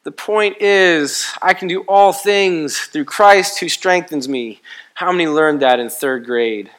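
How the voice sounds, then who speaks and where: A preacher delivers a sermon, his storytelling playful and comic. He swings from loud and quick to slow and hushed, and his voice sits on the higher side for a man. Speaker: pastor. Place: church.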